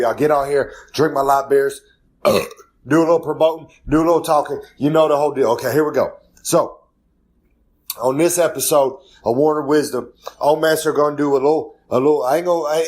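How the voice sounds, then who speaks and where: A man with a Southern US accent delivering a rambling, boastful wrestling promo full of catchphrases. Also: medium pitch. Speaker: wrestler doing a promo segment.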